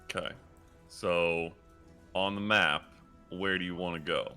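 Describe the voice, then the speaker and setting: A man with a very low voice and a bright, forceful edge runs a tabletop game as dungeon master. He lays out each scene slowly and descriptively, pausing on fillers as he talks. Faint music plays behind him. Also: steady tone. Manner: slow, descriptive scene-setting with frequent fillers.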